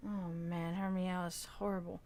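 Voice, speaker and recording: A woman doing tarot readings on a casual live stream, who now and then breaks off to softly comfort her cat. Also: fairly low pitch, flat delivery, moderate pace, a little hiss or hum. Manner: soothing baby talk to her cat, then plain card reading. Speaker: tarot reader and stream host.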